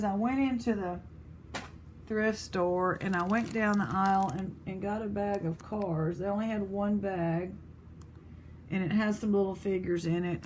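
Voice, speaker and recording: A woman's voice: medium pitch, a little hiss or hum. A woman vlogger chatting casually, rambling between stories as she prices jewelry pieces. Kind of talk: casual chat.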